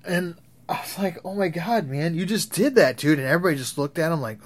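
A man's voice: on the high side, expressive, fast. A young man telling crude, rambling stories in a casual, profane way, laughing at his own tales. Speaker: vlogger. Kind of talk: profane storytelling rant.

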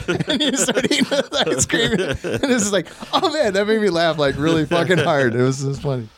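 A man's voice: sits high, expressive, normal speed, few pauses, fairly bright tone, no room sound. A man hosting a casual conversation, laid-back and profane, often laughing as he tells stories. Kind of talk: casual chat.

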